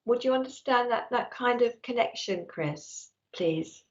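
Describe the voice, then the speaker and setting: A woman's voice: on the high side, expressive, a little slow, dull audio. A woman working as a psychic medium, giving a live-streamed reading and talking nonstop in an effusive, chatty way.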